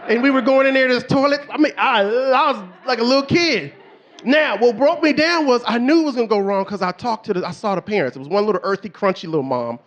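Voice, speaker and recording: A man's voice: extremely high pitch, fast, slight background noise. A middle-aged man performing a stand-up comedy routine on a club stage, telling stories animatedly and acting out the people he quotes. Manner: animated storytelling, acts out quotes with shifting voice.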